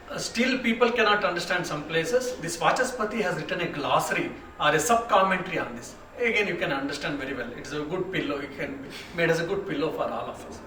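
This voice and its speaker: A monk leads a spiritual retreat, telling stories in a relaxed, conversational way and slipping into the voices of his characters. His voice sits a little high for a man. It reaches the mic from a distance in a roomy, echoing space with faint room noise. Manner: unhurried, conversational, with frequent restarts and asides. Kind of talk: spiritual lecture with storytelling.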